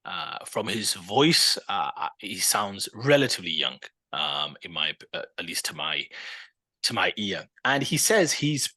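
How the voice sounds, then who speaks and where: A man co-hosts a casual football podcast, his voice bright and forward. He argues his points in an animated, opinionated way, breaking into fillers and restarts as he thinks aloud. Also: low-pitched, moderate pace. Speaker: podcast co-host.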